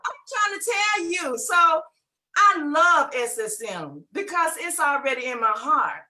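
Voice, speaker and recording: Exuberant high-voiced woman testifying. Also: sing-song, a little slow, bright, forceful tone. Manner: exuberant, exclaiming, preacherly. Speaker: webinar guest giving a testimonial. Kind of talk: enthusiastic testimonial.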